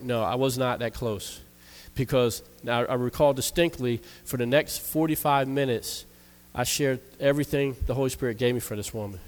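A man, a church minister, preaching a sermon that tells a personal story in a lively way, voicing the quoted lines. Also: mid-range voice. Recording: long reverb of a church hall.

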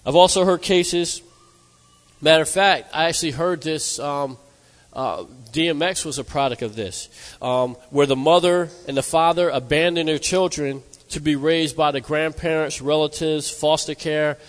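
A man's voice: on the high side, moderate pace. A man preaching a sermon with emphasis, often asking "amen?" of his listeners. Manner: emphatic, asks the congregation "amen?". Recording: long hall reverb.

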